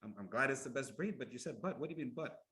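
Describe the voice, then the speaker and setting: A man voicing a grateful but demanding adult male king in a told story, exclaiming and rising in pitch. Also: lively intonation, quick pace, pushed and bright. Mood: questioning.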